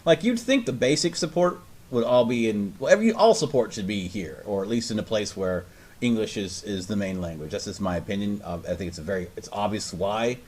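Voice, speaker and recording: A man's voice: fairly low pitch, brisk, darkish tone, a little hiss or hum. A man co-hosting a casual talk show, ranting and swearing freely. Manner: ranting, profane, many restarts. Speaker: radio show co-host. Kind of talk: casual chat.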